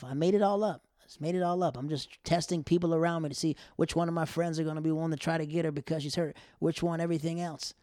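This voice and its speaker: A man with a fairly high voice spins a rambling personal story, acting out each line people said. He is recorded dry and close, with no room sound. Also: no room sound. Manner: rambling, animated, acts out quotes. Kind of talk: casual storytelling.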